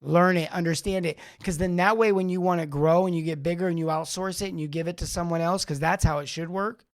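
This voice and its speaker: A middle-aged man hosting a live show, coaching plumbing business owners in a rambling, animated way. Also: high voice, a little fast. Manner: animated, rambling, talks back to live chat. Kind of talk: live-streamed coaching talk.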